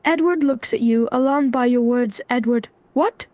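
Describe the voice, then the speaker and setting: A synthetic female voice giving scripted narration in an even manner. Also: high-pitched, normal speed, no echo.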